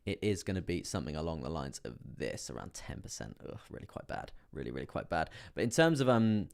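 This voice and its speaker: A young man with an English accent, casually talking through crypto charts on a live stream in a monotone, chatty way. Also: rumbling low, fast, gravelly. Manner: chatty, laughs often, reads chat aloud.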